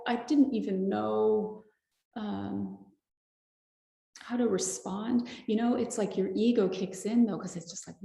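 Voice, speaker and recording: A woman guest on a podcast, sharing a personal testimony in a halting, reflective way with many fillers, audibly emotional. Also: medium pitch, steady tone, gravelly, mellow. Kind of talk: personal testimony, casual talk. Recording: roomy echo.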